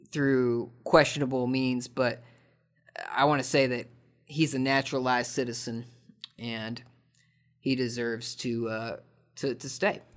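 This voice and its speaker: A man riffs through listener questions in a loose, comedic podcast monologue. He trips over his own words, repeats himself and restarts sentences, all with a mock-serious, tongue-in-cheek tone. His voice sits at an ordinary middle pitch. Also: a bit bright. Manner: rambling, tongue-in-cheek, frequent false starts.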